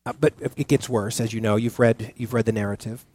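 A man preaching a sermon as pastor, earnest and halting, often restarting his sentences with fillers. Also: lowish voice, steady tone, darkish tone.

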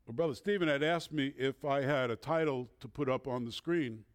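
A man with a northern accent preaching a sermon as a substitute pastor in a church, earnest and measured, with the odd filler. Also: medium pitch.

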